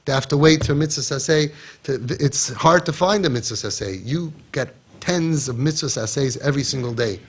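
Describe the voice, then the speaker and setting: A man giving a spoken Torah class, telling stories with animated, acted-out dialogue and earnest exhortation. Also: medium pitch, moderate pace, breathy edge. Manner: animated storytelling, acting out quoted dialogue. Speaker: Torah class teacher and parenting guide.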